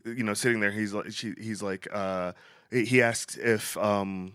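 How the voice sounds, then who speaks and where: A man's voice: on the low side, fairly even intonation, a little slow, fairly bright tone, clear, resonant tone, no room sound, studio quality. A man co-hosting a podcast, asking eager, long-winded questions in a casual interview and restarting his sentences often. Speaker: podcast co-host.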